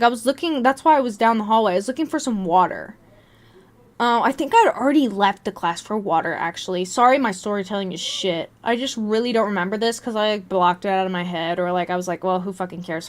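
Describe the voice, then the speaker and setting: A young woman streamer with a slightly high voice tells a story casually and profanely. She rambles, restarts her sentences and swears a lot as she talks to her chat.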